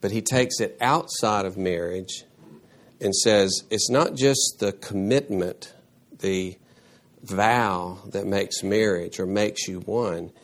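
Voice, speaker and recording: A man preaching a sermon as pastor, animated, repeating words and restarting phrases, with sudden rises into a high voice for emphasis. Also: takes it slowly.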